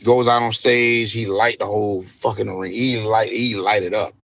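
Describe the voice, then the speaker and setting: Low gravelly man telling a story. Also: moderate pace, no room sound. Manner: animated, profanity-laced storytelling. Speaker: guest DJ. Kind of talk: casual storytelling interview.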